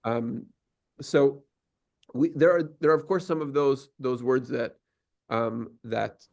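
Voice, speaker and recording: A man's voice: mid-range voice, slow, creaky, darkish tone. A man teaching a class, explaining at length with many fillers and restarts and taking questions.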